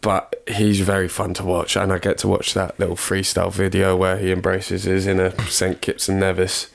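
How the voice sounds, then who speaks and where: Young man, very low voice, congested, rambling, self-mocking podcast chat. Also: monotone, normal speed, creaky. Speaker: podcast co-host. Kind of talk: casual football chat.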